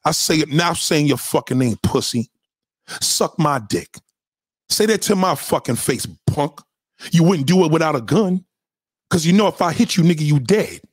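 Man, high-pitched, husky, dry close sound, aggressive insulting reaction rant. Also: expressive, moderate pace, no echo. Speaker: online commentator reacting to clips.

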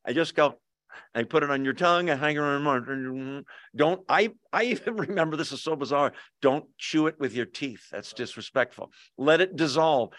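A man leads a Bible study in a relaxed, joking way, checking in with his listeners through quick questions. His voice sits a little high for a man. The sound is dry and close, with almost no room echo. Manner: conversational, jokey, asks the audience questions. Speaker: pastor. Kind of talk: casual Bible study teaching. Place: church hall, with Zoom viewers.

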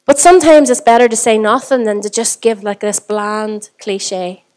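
A woman's voice: a little high, moderate pace, darkish tone. A woman pastor with a Northern Irish accent, preaching a sermon in a conversational way and putting rhetorical questions to the congregation. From Northern Ireland.

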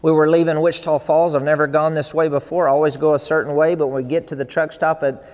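A man's voice: on the high side, flat delivery, fast talker, a little mellow, in a large hall. A male pastor preaching a sermon in an earnest, repetitive way that builds to emphatic peaks.

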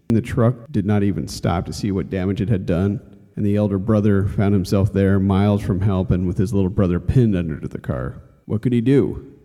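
A man's voice: lowish voice, mellow, long reverb tail. A man reading an inspirational course lesson aloud, earnest and exhorting, speaking straight to the listener. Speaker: course instructor.

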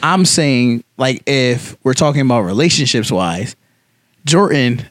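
A man's voice: mid-range voice, expressive, unhurried, no echo. Young man with a dry, teasing voice. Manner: teasing, absurd banter, emphatic when arguing. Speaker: co-host. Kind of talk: casual chat.

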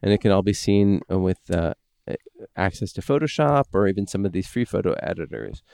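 A man's voice: deep voice, brisk, vocal fry, smooth, no echo, clean studio sound. A man co-hosting a podcast in casual chat, rambling and restarting his sentences, reading a listener's message. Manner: animated, rambling with many restarts. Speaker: podcast co-host.

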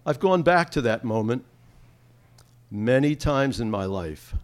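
Lively, heartfelt male storyteller. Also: medium pitch, measured pace. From Massachusetts. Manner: reflective, heartfelt. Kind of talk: live storytelling.

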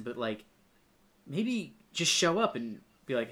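A man's voice: a little high, very animated, normal speed, bright, forceful tone. A man co-hosting a casual film-review chat, ranting sarcastically and swearing.

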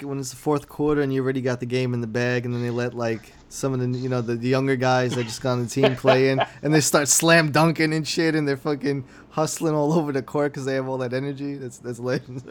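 A man's voice: mid-range voice, fairly even intonation, quick pace, hardly any pauses. A man hosting a podcast in casual chat, laid-back, laughing easily and swearing. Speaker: podcast host.

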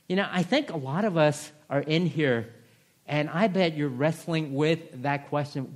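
A man preaching a sermon in a church, his voice pitched a little on the high side. He lifts his voice to press home his points, then falls to a hushed, gentle tone for words of comfort before leading a prayer. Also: measured pace. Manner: rises in pitch to stress points, drops to a hushed, soft voice for God's reassuring words. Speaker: pastor. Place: church sanctuary.

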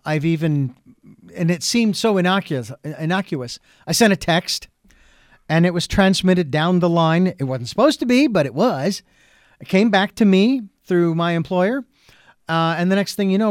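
A man's voice: on the high side, no room sound, studio quality. A man hosting a talk show, speaking in a folksy, reflective way with fillers and restarts. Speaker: radio show host. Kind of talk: casual talk show conversation.

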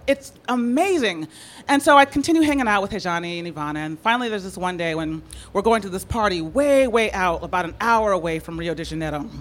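A woman of middle pitch tells a personal story with plenty of energy. She is from San Francisco, laughs often, and slips into quick voices for the people she quotes. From San Francisco, United States.

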